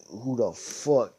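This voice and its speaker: A man's voice: medium pitch, mellow, breathy edge, full character voice. A man voicing a brash, cocky young male hero who swears and talks in slang.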